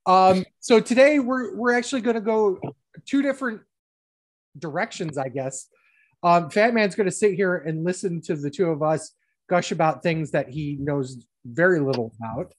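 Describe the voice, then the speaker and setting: A woman's voice: lowish voice, normal speed. A woman hosting a wrestling podcast, trading profane, teasing banter with her co-hosts. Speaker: podcast host. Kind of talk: casual wrestling podcast chat.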